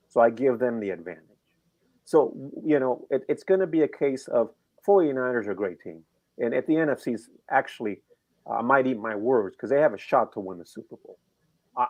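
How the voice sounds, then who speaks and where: A man's voice: medium pitch, darkish tone. A middle-aged man co-hosting a sports betting show, talking casually and animatedly, rambling and firing off rhetorical questions.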